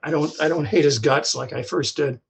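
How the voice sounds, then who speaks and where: An older man from New Jersey telling his story as a guest, halting and repeating words as he talks. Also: fairly high pitch, gravelly, poor audio. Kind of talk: personal recovery story.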